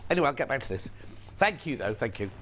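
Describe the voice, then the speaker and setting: A man's voice: medium pitch, sing-song, fast talker, a bit bright, slight background noise. A man presenting a live shopping channel show, chatty and playful, reading out viewers' messages. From United Kingdom.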